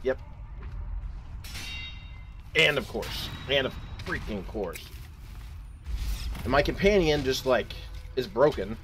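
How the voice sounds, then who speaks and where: A young man narrating his own gameplay, frantic and exclaiming as he talks to himself and the game. His pitch swings widely between lows and sudden highs. He talks at an unhurried pace between the bursts. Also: expressive, fairly bright tone, soft background music. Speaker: gaming channel host. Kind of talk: let's play commentary.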